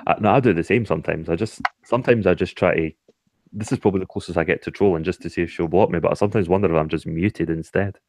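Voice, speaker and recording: A man's voice: low voice, fast, noisy background. A man hosting a casual chat, talking in a wry, self-deprecating and rambling way. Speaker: channel host.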